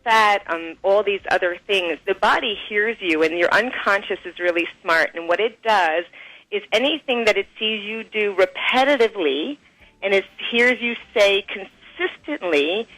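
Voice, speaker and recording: A woman guest on an interview show, explaining her ideas in a lively way, acting out quoted voices and laughing often, heard over a phone line. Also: medium pitch, moderate pace. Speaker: author and guest. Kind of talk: interview, explaining and telling stories.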